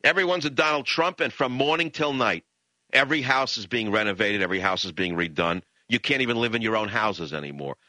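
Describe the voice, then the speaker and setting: A man hosting a talk radio show, delivering a blunt, combative rant with sudden jumps in pitch. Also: brisk, pushed and bright, no room sound, poor audio. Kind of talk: political talk radio monologue.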